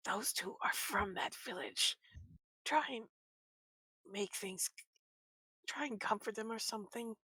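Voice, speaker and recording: A woman voicing a discreet, concerned woman adventurer in a tabletop game, speaking in a hushed, urging way. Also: a little high, lively intonation, a little slow, pauses often, husky, dry recording, pitched above the performer's own voice, heavily acted, rough recording.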